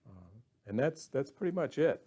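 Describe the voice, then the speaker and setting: A man demonstrates woodturning, walking through his steps in a folksy manner and restarting words as he thinks aloud. His mid-range voice is sing-song and dark in tone, at a normal pace, with a little hiss or hum in the background.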